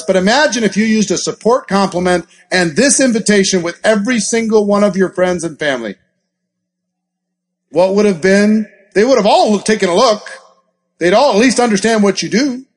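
A man with a high, light voice coaching an audience on sales. He talks in an animated way and acts out sample scripts with gasps and quick shifts in delivery. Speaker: sales trainer. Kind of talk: live training talk with role-play examples.

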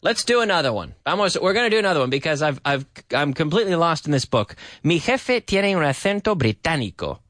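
Male radio English teacher, animated and a bit high-voiced, dry close studio sound, drills phrases slowly. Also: dry recording. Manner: chatty, laughs often, repeats phrases slowly for learners.

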